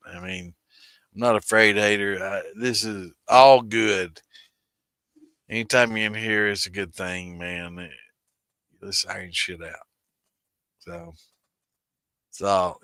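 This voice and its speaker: This moonshine livestream host, a man in his sixties, has a fairly low, bright, forceful voice. He rambles through profane casual chat and calls out viewers by name. There's no echo.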